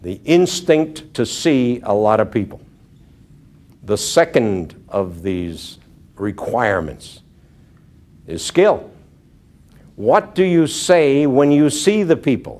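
A man's voice: mid-range voice, big pitch swings, slow pace, pauses often. Earnest male seminar speaker. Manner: storytelling, earnest, drops to hushed tones for emphasis. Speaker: motivational speaker. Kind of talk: motivational seminar talk. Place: room with a live audience.

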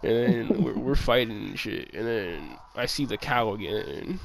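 Gravelly, animated man telling a story. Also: lowish voice, unhurried, a loud crowd. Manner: animated, profane, laughing storyteller. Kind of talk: casual storytelling.

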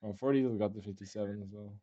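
A man's voice: on the low side, steady tone, fast talker, warm tone. A man with a non-native English accent running a clan's gaming voice chat, impatient and bossy, swearing at players to hurry up and join. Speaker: clan leader organizing a training match. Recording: dull lo-fi game voice chat.

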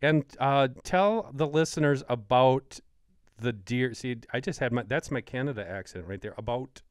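A man's voice: medium pitch, lively intonation, normal speed, clean tone, no room sound, clean studio sound. A man with a Wisconsin accent hosting a podcast, asking questions keenly and citing numbers. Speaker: podcast host. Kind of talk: casual interview talk.

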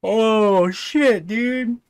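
A man's voice: high voice, drawn-out words, a little mellow, clear, resonant tone, no room sound. A man co-hosting a casual gaming session, reading a text adventure aloud with frequent laughter and casual swearing. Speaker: co-host playing a text adventure.

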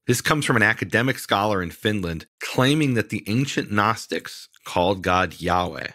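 A man's voice: deep voice, fairly bright tone, no echo, clean studio sound. A man teaching in conversation, emphatic and dismissive of mistaken ideas, explaining word meanings step by step. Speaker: Bible teacher.

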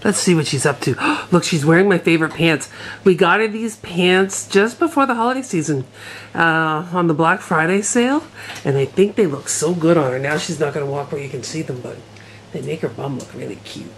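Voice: mid-range voice, fairly quick. A vlogger chatting casually to the camera, coaxing a dog and talking through the day. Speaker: daily vlogger. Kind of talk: casual vlog narration to camera. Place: outdoor courtyard behind a tall building in cold weather. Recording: noisy handheld camera recording.

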